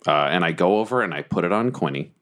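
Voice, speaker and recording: A man playing a tabletop game, describing his character's actions in a halting way with stammering restarts. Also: low voice, animated, a bit bright. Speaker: player. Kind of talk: tabletop role-play.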